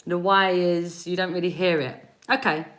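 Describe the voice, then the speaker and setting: A woman giving tarot readings on a live stream, chatting gently with viewers and softly repeating their names as she tunes in. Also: on the low side, fairly even intonation. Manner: slow, soothing, repeats names while tuning in. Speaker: tarot reader.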